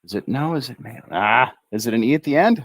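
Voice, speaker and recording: An American man teaching English pronunciation on a livestream, drawing out syllables slowly and thinking aloud as he writes. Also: mid-range voice, lively intonation, no echo. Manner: slow, drawn-out enunciation of syllables; chatty, thinks aloud while writing. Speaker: English tutor.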